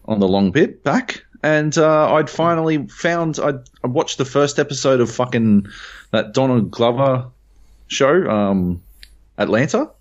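A man, co-hosting a podcast, telling a travel story in an animated way and swearing often while jet lagged. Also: mid-range voice, unhurried. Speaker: podcast co-host. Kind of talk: casual chat. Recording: dull lo-fi audio.

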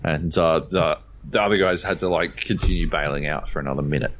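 A man's voice: very deep voice, fairly quick, a little hiss or hum. A man co-hosting a gaming podcast, telling a story with lots of swearing and acted-out voices. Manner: animated storyteller, swears freely, acts out voices. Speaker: podcast co-host. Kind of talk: casual chat. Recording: dull lo-fi podcast audio.

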